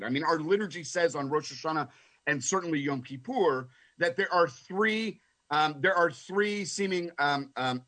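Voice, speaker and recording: Husky earnest rabbi, halting speech. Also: male voice, on the high side, a bit bright. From Canada. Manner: earnest, halting with many fillers and repeated words. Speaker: rabbi, co-host. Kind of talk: casual radio talk.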